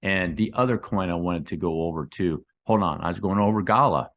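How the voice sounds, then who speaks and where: A man giving casual commentary on crypto charts, rambling and calling his viewers "guys," with his voice dropping low on those asides. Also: a little fast, fairly bright tone. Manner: rambling, addresses viewers as guys, drops low on tag words. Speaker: crypto market analyst.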